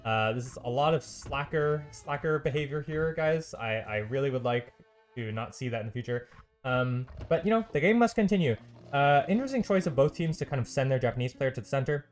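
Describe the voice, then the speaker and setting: A male stream host casting a strategy game match solo, at a middling pitch and in a loose, chatty way. His talk is full of ums and uhs, with dry, sarcastic asides. Faint music plays underneath him. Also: fairly quick. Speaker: esports caster and stream host. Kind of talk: solo live game commentary.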